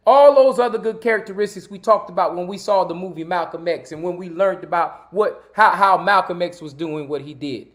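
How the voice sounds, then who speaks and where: Male livestream host, high-pitched, preachy and repetitive, talks straight to the audience. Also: fairly quick, few pauses. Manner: preachy, repetitive, pleading with viewers. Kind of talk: live-streamed commentary monologue.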